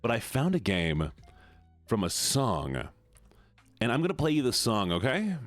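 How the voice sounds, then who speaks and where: A man's voice: medium pitch, measured pace, no echo, soft background music. A man streaming live and chatting casually and animatedly with his viewers. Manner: animated, chatty, talks straight to chat.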